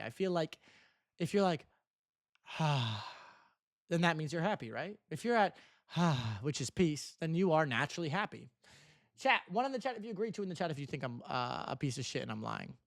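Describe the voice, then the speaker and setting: A man's voice: on the high side, sing-song, normal speed, gravelly, no room sound, studio quality. A young man streaming live, reading out viewer messages and answering them with teasing, mock-earnest banter, tossing "bro" onto the end of his lines. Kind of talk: casual livestream chat reading viewer messages.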